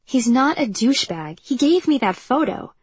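A woman's voice: sits high, sing-song, moderate pace, a little mellow, husky, no echo, voice pushed up, heavily acted. A woman reading a guarded, weary young woman. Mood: defensive. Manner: defensive, subdued.

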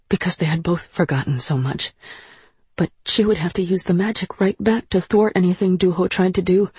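A narrator reading a first-person story aloud in an even, measured way, close on the mic. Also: medium pitch, husky, dry recording. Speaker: audiobook narrator.

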